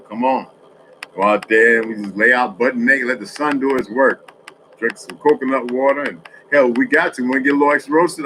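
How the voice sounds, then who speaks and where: Profane, rambling man with a bright voice. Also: medium pitch, slight background noise, rough recording. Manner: profane, rambling, streetwise storytelling. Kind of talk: rambling casual monologue.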